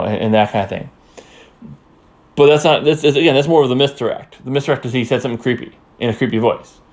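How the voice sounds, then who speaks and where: Male commentary host, mid pitch, heated off-the-cuff rant with lots of restarts. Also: a bit bright. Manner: rambling, heated, repeats himself. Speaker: podcast host. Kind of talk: opinionated political commentary.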